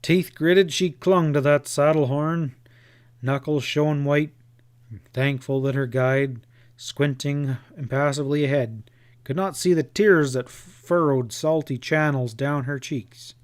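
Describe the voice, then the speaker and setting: Slow, unhurried male audiobook narrator. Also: a little high, steady tone. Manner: measured, unhurried storytelling. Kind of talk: audiobook narration of a western novel.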